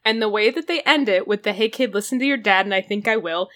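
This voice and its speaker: A woman's voice: mid-range voice, quick pace, fairly bright tone. A young woman co-hosting a podcast, chatting casually and often laughing between her points. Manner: giggly, reacts with laughs, emphatic. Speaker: podcast co-host. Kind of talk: casual chat.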